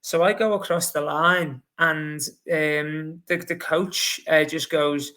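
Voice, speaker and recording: A Scouse man in his forties chats in a casual podcast. He tells stories with relish and slips into the voices of the people he quotes. His voice sits a little high for a man. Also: fairly even intonation, takes it slowly, hardly any pauses, sharp tone. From Liverpool, England. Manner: chatty storyteller, acts out quotes. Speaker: guest, marathon runner.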